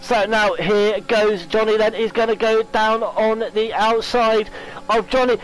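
Excitable high-voiced race commentator. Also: male voice, rough recording. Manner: excitable, talks fast with restarts and self-corrections. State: losing his voice, hiccups. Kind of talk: esports racing commentary.

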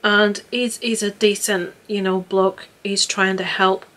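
Young woman rambling through a movie review, earnest, keeps restarting sentences, mid-pitched. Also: level tone, a little slow, a bit bright. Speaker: vlogger reviewing films. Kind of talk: casual film review chat.

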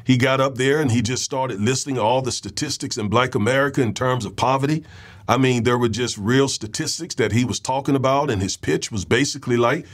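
A man's voice: medium pitch, normal speed. A man hosting a political commentary show, talking in a loose conversational monologue, often repeating words and checking in with his listeners.

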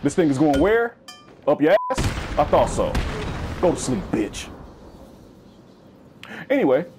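A man giving casual, slangy let's-play commentary, swinging between high yelps and low growls. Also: measured pace, over music. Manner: animated, slangy, swings into high-pitched bits and deep growls. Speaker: gaming YouTuber.

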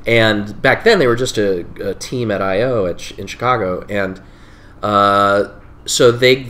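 A man in his forties talks as a guest in a casual podcast interview, his voice sitting a little low. He tells his stories in a rambling way, often stopping to correct himself before pressing on. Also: unhurried, a bit bright, a little hiss or hum. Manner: rambling, self-correcting storyteller. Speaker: improv director and teacher, podcast guest.

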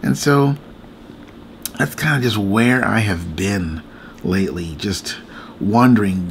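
A man's voice: lowish voice, slow, long pauses, slight background noise. A man talking earnestly and openly about faith in a late-night chat, repeating himself as he speaks to his viewers. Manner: earnest, repetitive, confiding. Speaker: faith vlogger and co-host.

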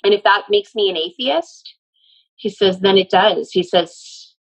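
A woman's voice: medium pitch, a little slow, low-quality recording. A woman working as a medium, earnestly explaining and relaying messages in casual conversation. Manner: earnest, explanatory, often laughing. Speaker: medium channeling a spirit.

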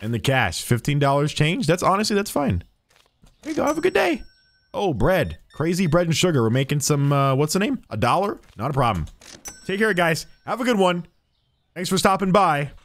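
A man's voice: on the high side, very animated, moderate pace, a bit bright. A man streaming a game, chatting playfully with in-game customers as if he were a cheerful cashier. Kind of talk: casual gameplay commentary.

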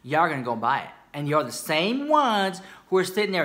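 Man, sassy beauty gossip vlogger, slightly high voice, bright crisp tone. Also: sing-song, fairly quick, few pauses. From United States. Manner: sassy, chatty, keeps calling the viewer girl. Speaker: beauty commentary YouTuber. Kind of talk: casual gossip commentary to camera.

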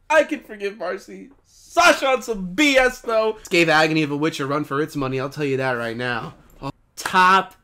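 A man hosting a reaction video, yelling and laughing at a cartoon, then talking it over more calmly. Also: sits high. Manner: excitable, shouting and laughing, then calmer musing. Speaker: reaction channel host.

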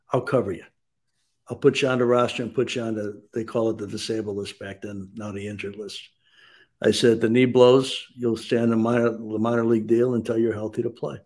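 Man, 60s, baseball front-office guest on sports radio; unhurried storyteller who leans on fillers, mid-pitched. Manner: measured storyteller, frequent "um" and "you know".

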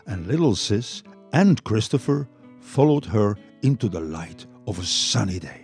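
An older man whose first language is Dutch, reading a children's story aloud to listeners in an expressive way. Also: lowish voice, measured pace, faint music behind. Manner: lively, expressive, warm read-aloud.

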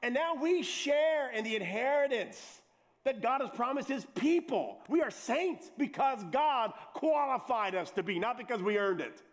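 A man's voice: very high-pitched, normal speed. A middle-aged man, a pastor preaching a sermon, teasing his congregation with joking asides and repeating words as he gets going. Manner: repeats words and restarts when excited.

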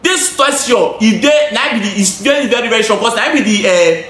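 Nigerian man, high-pitched, emphatic and repetitive, echoey room. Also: animated, fairly quick, fairly bright tone. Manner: emphatic, repeats phrases, switches into pidgin. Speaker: gutter installer and seller. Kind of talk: casual product explanation to camera.

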